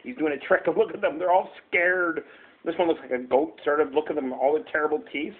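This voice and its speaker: A man's voice: on the high side, brisk. A man reading a picture book aloud to his young son at home, playful and coaxing, breaking off to point at pages and roar. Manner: animated, coaxing, playful roaring. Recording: tinny phone-like home video sound.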